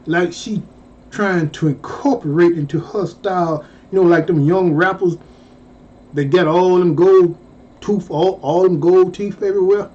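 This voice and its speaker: Brief: slow-talking man with a high voice, profane storyteller who bursts into loud yelps, dull lo-fi recording. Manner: exclaims loudly, jumping high in pitch and swearing. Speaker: storyteller vlogger. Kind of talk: casual profane storytelling monologue.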